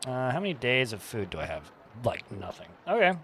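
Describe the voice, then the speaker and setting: A young man chats his way through a game stream in a bright, forward voice that bounces around in pitch. He jokes, rambles and swears freely as he thinks out loud. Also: big pitch swings, a little fast, a little hiss or hum. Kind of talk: casual gameplay commentary.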